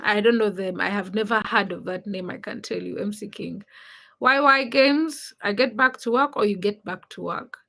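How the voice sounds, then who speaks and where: A woman's voice: medium pitch, moderate pace, creaky, bright, forceful tone. A young woman with a Ugandan English accent, hosting a casual livestream and greeting viewers by name as she reads the chat. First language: a Ugandan language. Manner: greets viewers by name one after another, chatty. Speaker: livestream host.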